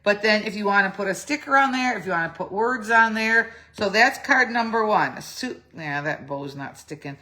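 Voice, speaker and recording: A woman's voice: mid-range voice, expressive, moderate pace, few pauses, pushed and bright. A middle-aged woman talking through a craft project step by step, chatty, thinking aloud and correcting herself, with a slightly phlegmy throat. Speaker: craft demonstrator. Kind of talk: casual step-by-step craft tutorial.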